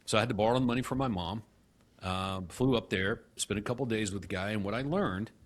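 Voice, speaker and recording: A middle-aged man, a guest in an interview, telling his story with animated acted-out dialogue and frequent restarts. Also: lowish voice, fast talker. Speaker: guest, real estate company CEO.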